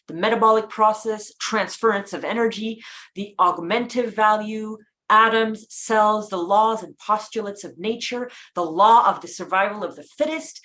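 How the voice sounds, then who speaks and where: An enthusiastic woman leads a narrated history lesson, pausing for admiring asides. She trips over a word now and then and restarts. Her pitch sits in the middle of the range. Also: a bit bright. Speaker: class presenter.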